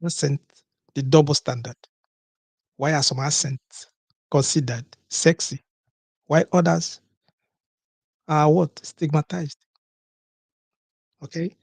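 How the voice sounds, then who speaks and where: Male call-in host, husky, dry close mic, emphatic and rhetorical. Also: a little high, steady tone, slow pace, long pauses, darkish tone, no echo. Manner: emphatic, repeats key words, asks rhetorical questions. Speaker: podcast host. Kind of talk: call-in show monologue.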